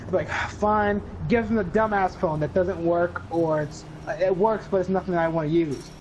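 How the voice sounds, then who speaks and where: A teenage boy rambling through a casual, profane story, often mimicking other people in a higher voice. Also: moderate pace, darkish tone, a little hiss or hum, rough recording. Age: teens. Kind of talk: casual chat.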